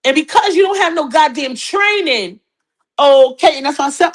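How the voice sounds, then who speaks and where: A middle-aged woman hosting a hip hop gossip show, brash, profane and animated, talking straight to viewers. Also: sits high, normal speed. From New York City, Queens. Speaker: podcast host.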